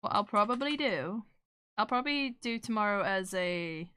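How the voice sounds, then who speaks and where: A woman's voice: medium pitch, expressive, moderate pace, fairly bright tone, smooth. A woman streamer chatting casually with her live chat while she draws, joking and self-deprecating.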